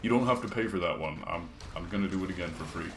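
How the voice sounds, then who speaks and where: A man's voice: low-pitched, fast talker. A half British, half Canadian man streaming a game and joking crudely with his chat as he reads it aloud. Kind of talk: casual gaming livestream, reading chat aloud. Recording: echoey room with faint music behind.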